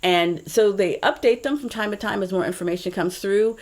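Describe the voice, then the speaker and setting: A woman's voice: medium pitch, a little fast. A woman co-hosting a podcast in casual chat, telling a story with chatty asides. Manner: chatty, reads quotes aloud, trails into asides.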